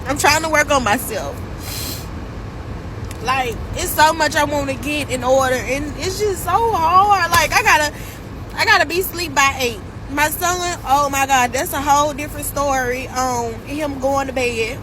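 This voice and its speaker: A single mother talks in a high voice, opening up in a tired, rambling vent to the camera. Loud traffic and street noise sit clearly behind her. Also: moderate pace. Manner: candid, weary, rambling.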